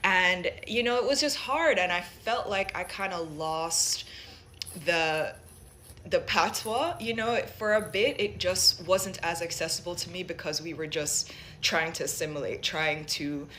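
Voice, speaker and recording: A young woman from Jamaica who now speaks with an American accent tells her own story casually. Her voice sits slightly low, and she reflects with lively emphasis. A faint background noise runs underneath. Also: a little slow. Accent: American English. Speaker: person sharing her story.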